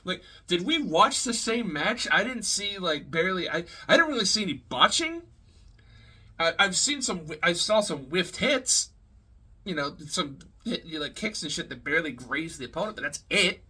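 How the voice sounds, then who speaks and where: A man giving a casual, rambling spoken review, heavy on swearing, fillers and quick laughs. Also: on the high side, sing-song, pushed and bright, husky. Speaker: wrestling reviewer.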